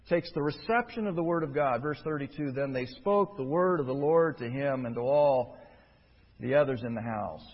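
A man preaching a sermon, emphatic, rising from quiet stretches to loud, forceful peaks. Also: mid-range voice, normal speed. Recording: dull, lo-fi with long hall reverb.

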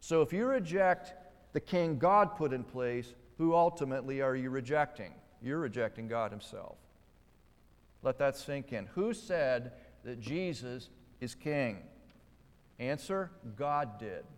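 A man's voice: medium pitch, expressive, measured pace. A man preaching a sermon, stressing key words and putting rhetorical questions to his listeners. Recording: long hall reverb.

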